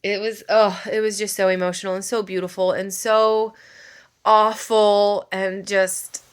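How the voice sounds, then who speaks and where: A woman's voice: mid-range voice, level tone, unhurried, smooth. A woman, a mother, chatting casually about a book while doing her makeup, emotional and rambling, full of filler words. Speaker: book vlogger.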